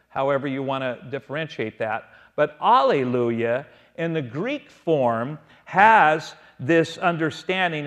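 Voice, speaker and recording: A man leading a verse-by-verse Bible study, asking his listeners questions and answering them himself. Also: on the high side. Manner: asks the audience questions and answers them, stretching key words. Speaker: Bible teacher.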